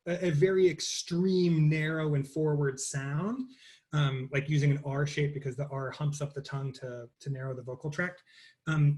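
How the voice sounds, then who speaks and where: A man leading an interactive voice lecture, explaining vocal acoustics casually with many fillers and restarts, and singing cooing warm-up patterns. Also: a little high. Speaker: voice teacher.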